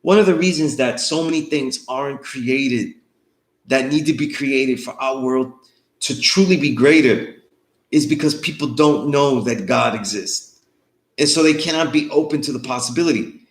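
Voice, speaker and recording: Man, course instructor, online class lecture, conversational, medium pitch, echoey room. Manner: conversational, loose, often asks "you know what I mean?".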